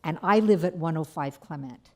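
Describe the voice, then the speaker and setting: A woman's voice: low-pitched, normal speed. An older woman speaking as a resident at a public hearing, rambling and apologetic, often checking in with "okay?", her voice a bit shaky. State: shaky voice, cold and hungry.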